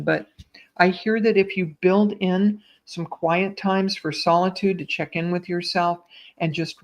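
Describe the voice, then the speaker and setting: A woman psychic medium gives live readings over a stream, speaking in a soft and reassuring way to each viewer. Her voice sits a little low for a woman. The audio is a bit muffled, as from a computer mic on a live stream. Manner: gentle, reassuring, addresses viewers as sweetheart and my dear.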